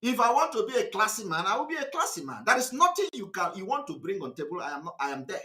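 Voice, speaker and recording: A man's voice: sits high, wildly swooping pitch, quick pace, pushed and bright. A man with a Nigerian accent giving an impassioned live online broadcast, emphatic and defiant, repeating his points. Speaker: activist broadcaster.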